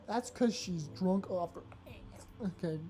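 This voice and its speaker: A woman's voice: lowish voice, unhurried, mellow, soft background music. A woman casually commenting as she plays a visual novel, chatty and jokey, often laughing at herself. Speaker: let's play host. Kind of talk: casual gameplay commentary and reading aloud.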